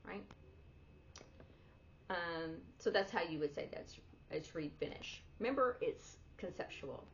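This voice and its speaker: A woman teaches sign language in a relaxed, conversational way. She rambles a little, with fillers and restarts. The recording is a bit muffled, with a faint hiss behind her. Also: on the low side, measured pace. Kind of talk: casual teaching talk. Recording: slightly dull lo-fi recording, faint room noise.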